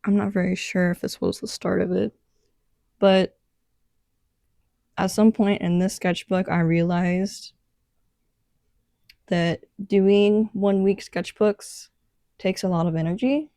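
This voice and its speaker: In this casual narration, a young artist vlogger flips through her sketchbook at an easy, unhurried pace, her speech loose and full of "um"s and "like"s. Her medium-pitched voice comes across as warm and mellow. Sound is close-miked and dry, free of echo.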